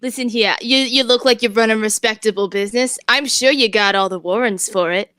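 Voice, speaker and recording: Scheming pirate haggler, a woman doing the voice, bright and high, wheedling. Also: a little fast, clear, resonant tone, no echo, close to an everyday voice.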